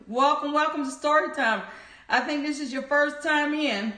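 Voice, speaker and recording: A woman with a high-pitched, bright, forceful voice hosts a livestream at a moderate pace in an echoey room. Upbeat and cheering, she greets viewers by name and reads their chat comments aloud.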